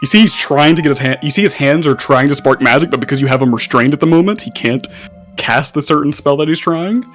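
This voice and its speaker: A man running a tabletop game as game master, giving quick casual rulings. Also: a little high, lively intonation, fairly bright tone, soft background music.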